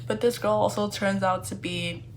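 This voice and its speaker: Animated, sarcastic young woman reviewing books. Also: medium pitch, normal speed, a little hiss or hum. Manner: animated, sarcastic, playfully indignant; chatty with many fillers. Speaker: book reviewer. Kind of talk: casual book review vlog.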